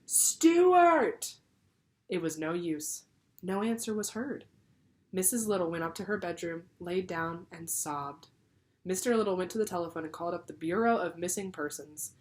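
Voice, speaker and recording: A teacher reading a children's book aloud, pausing to explain the story to her class. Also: lowish voice. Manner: lively, pausing to explain to pupils.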